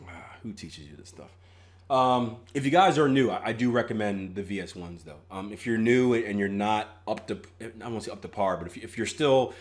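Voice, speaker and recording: A young man hosting a live trading stream in casual chat, joking, laughing at his own jokes and reading viewer comments aloud. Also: lowish voice. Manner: frequent restarts and filler ums. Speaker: trading livestream host.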